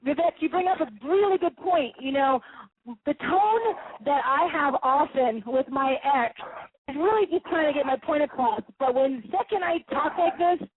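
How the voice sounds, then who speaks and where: High-voiced woman on tinny radio. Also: normal speed. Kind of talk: radio talk show chat. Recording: lo-fi phone-like radio sound.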